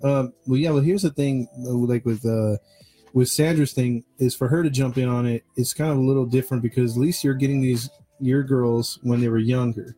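A man's voice: mid-range voice, steady tone, fairly quick, dark tone, faint music behind, rough recording. A man co-hosting a podcast in casual chat, talking in a rambling way with many restarts and fillers. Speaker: podcast co-host.

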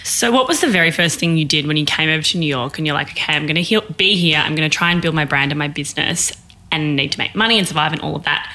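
Female host, talks quick, low voice, bright tone, curious questions. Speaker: podcast host. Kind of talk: casual interview questions.

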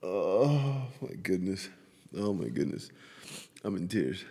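Man, podcast host, casual rambling chat, frequent laughs, slightly husky, reverberant room. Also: low voice, sing-song, slow pace, warm tone. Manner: laughs often, rambling storytelling.

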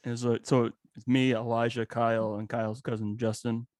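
A man co-hosting a casual sports podcast. He tells stories about his son, mimicking the kid's whiny questions. His voice is mid-pitched and recorded dry and close. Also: level tone, normal speed, darkish tone, dry recording. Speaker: podcast co-host. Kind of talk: casual chat.

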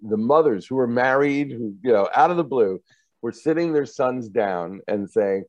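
A TV producer in an interview casually shares stories from his working life, animated, voicing the characters himself and laughing often. His voice is mid-range at a moderate pace, with no room sound and lo-fi quality.

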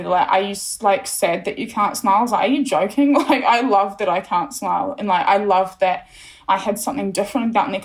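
Young woman, from New Zealand, bubbly, chatty, laughs a lot, interview guest. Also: mid-range voice. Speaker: podcast guest. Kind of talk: casual interview storytelling.

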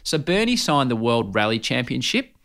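A man in his forties with an Australian accent, a sports broadcaster chatting as a guest and telling lively anecdotes, often calling his listener mate. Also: mid-range voice, normal speed. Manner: animated, laughing anecdotes, keeps saying mate. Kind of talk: casual storytelling chat.

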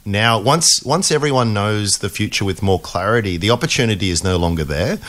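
A man's voice: on the low side, animated, brisk, a bit bright. A man, co-hosting an investing podcast, restarting his sentences often and poking fun at himself. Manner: hesitant, many restarts, self-deprecating. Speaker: podcast co-host. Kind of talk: casual investing podcast chat.

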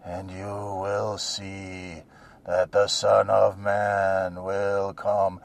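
A man voicing a dreamy, spaced-out Jesus who speaks slowly in a low, hushed voice. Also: monotone, creaky, heavily acted.

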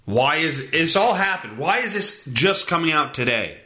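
Male podcast host, sarcastic ranter, lively pitch, echoey room. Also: normal speed. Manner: sarcastic, ranting, swings up and down in pitch. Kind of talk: casual solo podcast commentary. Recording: roomy echo.

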